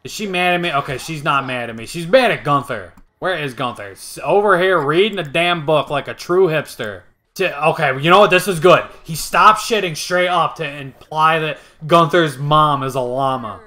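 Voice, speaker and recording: A young man casually commentating a life-sim game he is playing, swearing freely and getting excitable. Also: fairly high pitch, normal speed. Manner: profane, excitable, jokey. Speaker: gaming video host.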